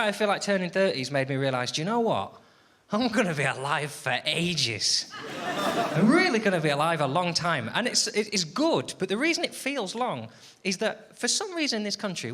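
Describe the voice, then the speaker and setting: A man's voice: high-pitched, pushed and bright. A man in his late twenties doing a stand-up comedy set, wry and self-deprecating, with rambling asides. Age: late 20s. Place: comedy venue stage before a live audience. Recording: noisy live comedy recording.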